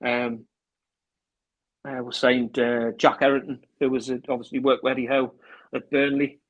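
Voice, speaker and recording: Husky North East English man telling stories. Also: mid-range voice, flat delivery, normal speed, highs cut off. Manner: rambling storyteller acting out phone calls with repeated "I says". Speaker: interview guest, former club manager. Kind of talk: casual anecdote telling.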